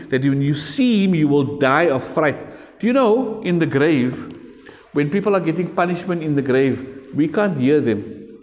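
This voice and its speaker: A man's voice: a little high, darkish tone, in a large hall. A man with a South African accent teaching a religion class to children, emphatic and repetitive, speaking straight to his pupils. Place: school classroom.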